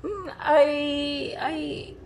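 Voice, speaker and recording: A woman's voice: high-pitched, steady tone, very slow, crowd noise. A young Filipino woman with a Filipino accent, a guest in a casual chat, hesitant and searching for words. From Philippines.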